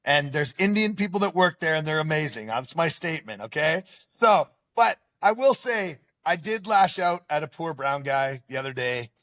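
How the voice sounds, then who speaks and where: A man hosting a podcast in casual, animated chat, often stopping to add "okay?" to drive his point home. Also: a little high, moderate pace, few pauses. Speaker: podcast host.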